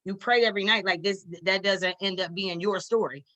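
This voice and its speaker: A woman's voice: mid-range voice, fairly even intonation, fairly quick, fairly bright tone. A woman on a video call, talking heartfelt and rambling to a friend, swearing casually, getting emotional.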